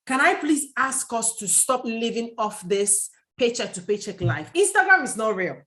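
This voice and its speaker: A woman's voice: on the high side, big pitch swings, moderate pace, sharp tone. A woman from Nigeria, in her thirties, hosting a livestream and giving passionate career advice as an HR coach.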